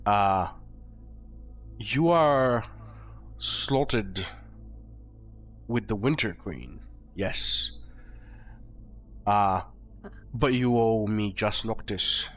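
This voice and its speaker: A hoarse man voicing a massive, courtly male vampire prince in a tabletop game, talking in a stately, measured way. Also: lowish voice, a bit bright. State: hoarse from flu. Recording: dull lo-fi recording, faint music.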